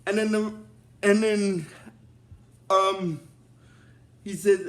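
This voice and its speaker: A man with a high voice walks through a TV episode in a casual, rambling recap. He strings events together with frequent fillers and "and then". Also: fairly even intonation, very slow, long pauses. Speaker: show recap host.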